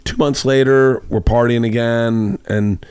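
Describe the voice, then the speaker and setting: A man's voice: mid-range voice, fairly even intonation, measured pace, a little mellow, clear, resonant tone, no room sound. Man telling a raunchy story in chat. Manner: rambling raunchy anecdote, acts out quotes with a raised voice. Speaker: podcast host. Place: home studio room.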